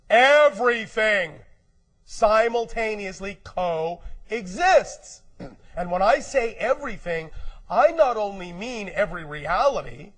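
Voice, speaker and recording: A man giving a slow, emphatic channeled metaphysical lecture, speaking as a collective "we" and clearing his throat often. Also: sits high. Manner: speaks as a collective "we" addressing humans. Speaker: spiritual speaker.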